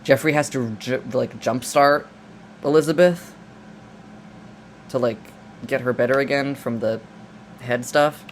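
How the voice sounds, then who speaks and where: A man talking casually through a film plot, rambling and joking with many restarts and asides. His voice sits at a middling pitch. A faint air-conditioner hum runs underneath. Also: measured pace, pauses often. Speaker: video essayist. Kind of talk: casual film recap and commentary.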